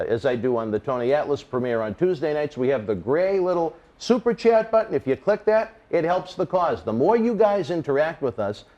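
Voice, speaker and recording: A man hosting a wrestling interview, reading promos and chatting casually. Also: dull audio. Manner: upbeat promo delivery, lively pitch. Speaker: interview host.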